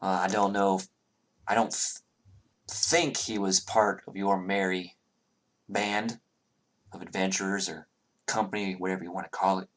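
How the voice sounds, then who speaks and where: An unnervingly polite tavern keeper, as a man puts him on, trading town gossip in a very low, deep voice. He talks with a hesitant, chatty manner, full of fillers. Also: flat delivery, normal speed, pauses often, natural voice.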